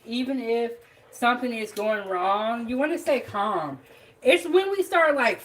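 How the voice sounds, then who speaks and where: A woman's voice: on the high side, a little hiss or hum, low-quality recording. A woman hosting her own cooking vlog, chatting casually to viewers while she cooks in her kitchen and laughing often. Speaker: home cook hosting a cooking channel. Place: home kitchen.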